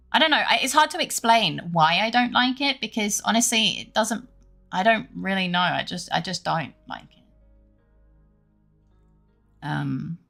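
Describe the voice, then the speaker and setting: A woman's voice: fairly low pitch, creaky, fairly bright tone. A woman streamer chatting casually with her viewers, rambling and laughing often.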